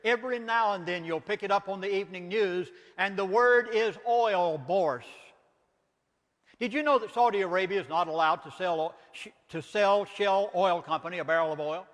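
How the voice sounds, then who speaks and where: Emphatic Southern preacher lecturing. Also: male voice, high-pitched, moderate pace, fairly bright tone, in a large hall. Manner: emphatic, preacherly, rhetorical questions. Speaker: minister giving a lecture. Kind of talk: impassioned lecture.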